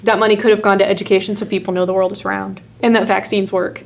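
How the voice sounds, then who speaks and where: A woman's voice: medium pitch, level tone, fast, creaky. A woman co-hosting a podcast in casual chat, skeptical and sarcastic. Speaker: podcast co-host.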